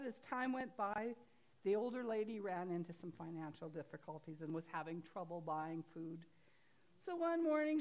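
A woman pastor preaching a sermon in a homely, chatty way, laughing at herself now and then. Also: medium pitch. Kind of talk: sermon with storytelling.

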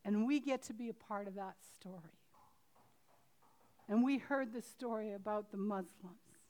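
With earnest, halting delivery and frequent restarts, a woman reads a story from a book during her sermon. Her medium-pitched voice rises to loud emphasis and drops to a hush by turns.

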